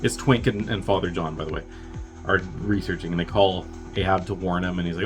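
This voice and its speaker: A man hosting a podcast recaps a film's plot in a casual, rambling way at a fairly quick pace, with faint music in the background. He acts out the characters' lines in bursts, his pitch jumping as he does.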